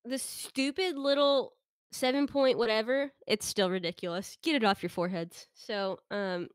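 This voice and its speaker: A woman's voice: on the high side, normal speed, clear, resonant tone, no room sound, clean studio sound. Blunt woman in casual podcast chat. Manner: blunt, complaining, laughs easily. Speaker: podcast co-host.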